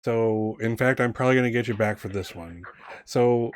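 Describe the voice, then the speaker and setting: A man's voice: mid-range voice, normal speed, clear, resonant tone, lightly acted. A man voicing an anxious, earnest teenage boy at a wizard school, talking in a pleading, rambling way. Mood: apologetic.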